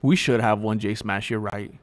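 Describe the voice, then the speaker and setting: A man's voice: on the low side, steady tone, moderate pace. A young man hosting a livestream, talking candidly and rambling in casual chat with viewers. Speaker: livestream host.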